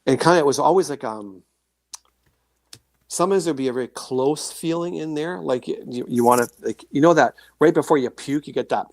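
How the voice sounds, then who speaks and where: A man being interviewed as a guest, telling rambling, animated anecdotes full of fillers and restarts. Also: a little high, a little fast. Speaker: guest author sharing paranormal experiences. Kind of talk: casual storytelling interview.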